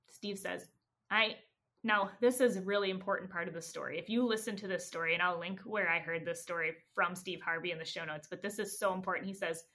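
Animated woman telling a story. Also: mid-range voice, a little fast. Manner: animated retelling, acting out quotes. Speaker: podcast host. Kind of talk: casual storytelling.

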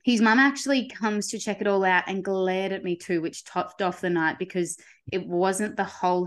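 A woman's voice: mid-range voice, fairly even intonation, normal speed. A young woman co-hosting a podcast, reading out listener stories in casual chat, laughing often and swearing casually. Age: young adult. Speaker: podcast co-host.

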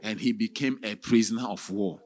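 A man preaching as a theatrical storyteller, with sudden shouts and sound effects. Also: lowish voice, fairly even intonation, fairly quick. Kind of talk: dramatic sermon storytelling.

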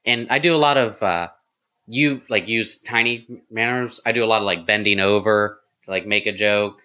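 A man who is a stand-up comedian, chatting casually in a flamboyant, animated way full of fillers. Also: fairly low pitch, moderate pace, clean tone, highs cut off. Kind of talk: casual chat.

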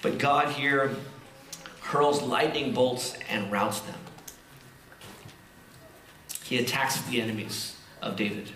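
A man preaching a sermon, reading scripture slowly and explaining it in a lively, conversational way with casual asides. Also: mid-range voice, echoey room, a little hiss or hum. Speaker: pastor.

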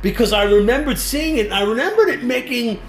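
A man with a New York accent chatting on a film commentary track, halting and restarting often. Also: extremely high pitch, expressive. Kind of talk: casual commentary-track chat. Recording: echoey room with faint music.

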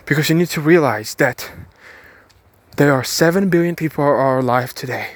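Outdoors, about to board a bus, a vlogger gives his audience an emphatic motivational speech, repeating phrases and restarting words as he addresses them directly. His voice is a little high, his pace moderate, and there's no echo.

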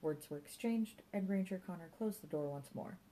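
A woman narrating an audiobook in a measured storytelling manner. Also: lowish voice, dark tone, slight background noise, rough recording.

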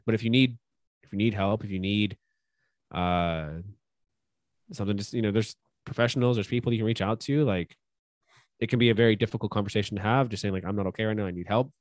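A young man with a low voice speaks earnestly on a casual podcast, mixing joking banter with gentle advice. He is recorded close and dry, with no room sound. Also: steady tone, fast talker, no room sound. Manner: earnest, gently advising, with fillers and asides. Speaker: podcast co-host. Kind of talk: casual chat.

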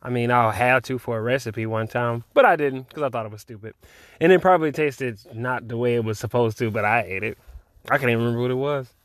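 This solo podcast host, a man in his twenties, talks fast in a medium-pitched voice, laid-back and meandering, cursing often and laughing a lot. The recording is dry and studio-clean.

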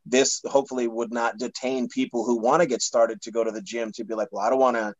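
A man's voice: mid-range voice, steady tone, brisk, darkish tone, no echo, highs cut off. A man hosting a podcast in casual banter, agreeable, with earnest asides.

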